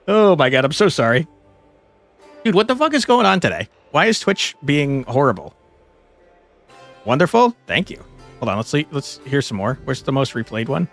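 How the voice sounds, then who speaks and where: A man's voice: medium pitch, fairly bright tone. A young man live-streaming a game, chatting in a laid-back, jokey way with casual swearing. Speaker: gaming streamer. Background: game music.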